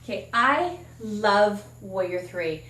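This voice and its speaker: A woman's voice: medium pitch, expressive, takes it slowly, pushed and bright, distant mic. Candid fitness coach woman, echoey room. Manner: encouraging, candid, talks while exercising. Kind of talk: casual workout demonstration.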